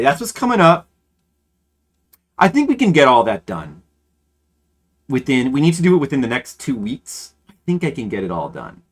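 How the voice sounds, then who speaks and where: A man streaming games speaks in a medium-pitched, fairly bright voice during casual live chat. He rambles as he thinks aloud, often restarting what he's saying.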